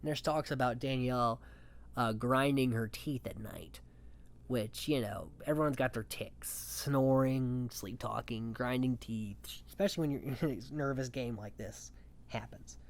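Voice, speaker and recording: A man's voice: medium pitch, unhurried. A man talking casually and offhandedly as a recap host, swearing freely and chuckling often between points. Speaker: reality show recap host.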